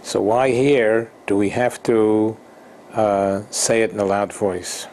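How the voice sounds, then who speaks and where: A man teaching an informal Torah lesson, halting and repeating himself, mixing Hebrew terms into English. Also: lowish voice, fairly even intonation, darkish tone, slight background noise. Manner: slow, halting, repeats words and restarts.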